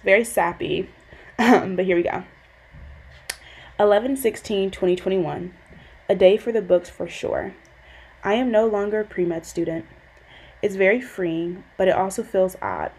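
A woman's voice: mid-range voice, fairly even intonation, measured pace, pauses often, darkish tone, husky, rough recording. A woman of about twenty, candid and emotional, hosting a casual solo podcast on a built-in device mic and swearing casually. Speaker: podcast host. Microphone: built-in device mic, external mic off.

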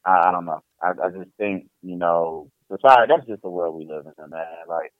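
Man, very low voice, slangy rambling opinions, podcast chat, dry tinny sound. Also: moderate pace, dry recording. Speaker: podcast co-host.

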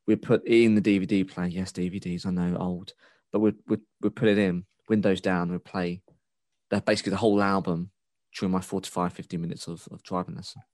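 A man's voice: low voice, flat delivery, fairly quick, darkish tone, dry recording, clean studio sound. A man co-hosting a casual chat, ranting and swearing as he rambles with many restarts. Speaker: podcast co-host.

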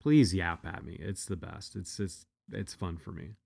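A man's voice: low voice, measured pace, vocal fry, a little mellow, breathy edge. A man telling a personal story in a casual, blunt, profane way, often restarting his sentences.

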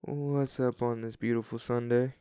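Man, podcast co-host, casual chat, dry humor, mid pitch, dry close mic. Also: level tone, normal speed, warm tone, clear, resonant tone, dry recording. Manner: easygoing, joking, dry humor.

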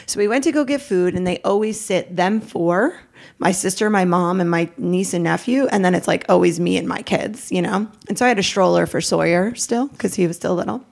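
A woman in her thirties, a podcast guest, telling a raw personal story in a lively way, jumping up in pitch when she quotes people. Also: a little fast, vocal fry. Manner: animated, acts out quotes with pitch jumps.

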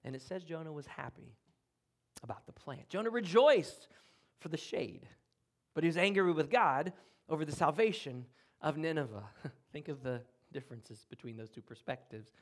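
A pastor preaching a sermon in an animated way, with big swings in loudness and the odd chuckle. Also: male voice, fairly high pitch, moderate pace.

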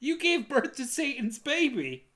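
A woman's voice: sits high, big pitch swings, a little slow, a bit bright, voice pushed up, exaggerated voice. A woman voicing a smug, scheming husband in a flippant, mocking paraphrase during a casual podcast recap.

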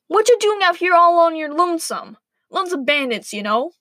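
A woman's voice: very high voice, big pitch swings, a little fast, a bit bright, no echo, studio quality, voice pushed up, full character voice. Woman voicing a sheepish talking wolf. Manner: sheepish, pleading.

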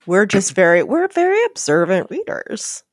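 A woman's voice: mid-range voice, sing-song, moderate pace, no echo, clean studio sound. A woman hosting a casual literature podcast, sardonic and profane, mixing story readings with jokes. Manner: profane, sardonic, reads story passages aloud. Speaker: podcast host.

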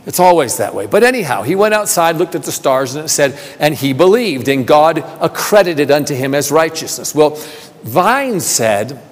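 Higher-voiced man preaching in reverberant hall. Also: sing-song, moderate pace. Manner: rhetorical questions, repeats phrases; builds from soft to emphatic. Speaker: pastor. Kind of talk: sermon. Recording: long reverb of a large hall.

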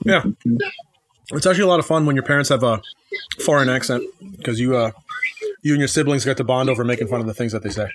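A man's voice: medium pitch, quick pace, long pauses, slight background noise. A man co-hosting a casual podcast, talking bluntly and swearing freely. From Hispanic family. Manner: blunt and profane, loose. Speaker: podcast co-host. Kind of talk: casual chat.

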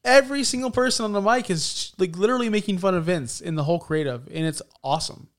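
A man co-hosting a casual wrestling talk show, animated and joking, often mocking stiff scripted promos. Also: high voice, fast talker. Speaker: podcast co-host.

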